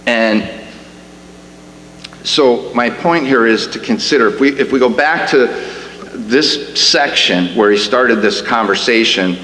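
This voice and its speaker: A man's voice: medium pitch, slow pace, sharp tone. A man preaching a sermon in a church, conversational and rising to emphatic questions, with frequent restarts. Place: church sanctuary. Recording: echoey hall with faint hum.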